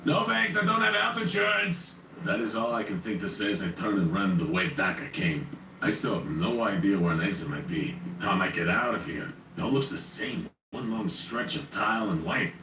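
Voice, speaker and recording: A man's voice: low voice, a bit bright. A man narrating a first-person horror story in a wry, conversational way. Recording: roomy, distant, faint noise.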